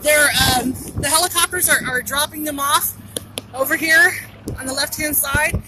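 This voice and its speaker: Giving live, unscripted commentary as a citizen reporter, a woman holds her phone up on a pedestrian bridge next to a busy border crossing. Her high-pitched voice moves at a moderate pace, urgent, excited and slightly out of breath, with frequent repetition. The noisy outdoor audio carries traffic and helicopters.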